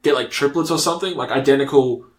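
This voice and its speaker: A man co-hosting a casual comedy chat, joking and acting out characters in quick bursts. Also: mid-range voice, roomy sound. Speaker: podcast co-host.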